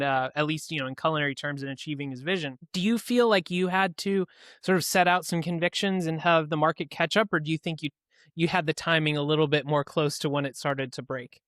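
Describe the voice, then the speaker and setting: A man's voice: a little high, a bit bright, dry recording, clean studio sound. A man hosting a podcast interview, asking long, conversational, rambling questions. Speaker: podcast host.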